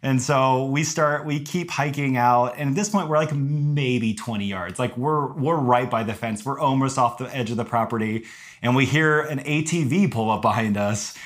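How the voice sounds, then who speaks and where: A young man casually telling a hiking story to friends, lively and animated, jumping into high voices when he quotes himself. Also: normal speed. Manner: animated, acts out quotes with high-pitched apologies. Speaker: podcast co-host recounting a hike.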